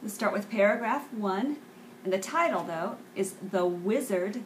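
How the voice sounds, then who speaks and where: A woman teaching English vocabulary, pronouncing each word slowly several times and explaining the stresses and syllables. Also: mid-range voice, slight background noise, low-quality recording. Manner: slow, careful enunciation, repeats each word. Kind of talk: pronunciation lesson, slow repetition.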